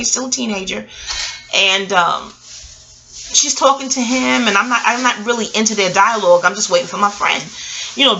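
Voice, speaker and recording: Bright-voiced New woman telling stories. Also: on the high side, gravelly, slight background noise, low-quality recording. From New York. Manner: animated, profane, street slang, talks straight to viewers. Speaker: vlogger. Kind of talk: casual storytelling.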